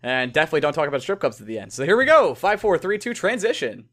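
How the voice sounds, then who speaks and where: A man co-hosting a casual sports podcast, jokey and animated, tripping over names now and then. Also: fairly high pitch, fast talker. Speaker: podcast co-host.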